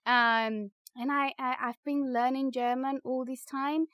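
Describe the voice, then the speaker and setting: A woman being interviewed about her book tells a story with animated energy, playing out each exchange and laughing along the way. Her voice is bright and fairly high. The sound is dry and close. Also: unhurried, dry recording. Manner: animated, acts out quoted dialogue, laughs often. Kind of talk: casual storytelling chat.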